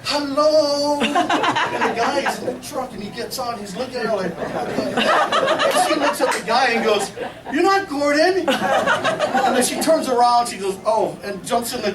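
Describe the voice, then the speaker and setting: A man's voice: very high voice, normal speed, a loud crowd. A middle-aged man telling folksy, laughing stories at a memorial service, acting out what others said. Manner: folksy, laughing, quotes people in lively voices. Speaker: memorial speaker. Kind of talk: informal storytelling eulogy. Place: memorial gathering hall. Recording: echoey room, far from the mic, noisy.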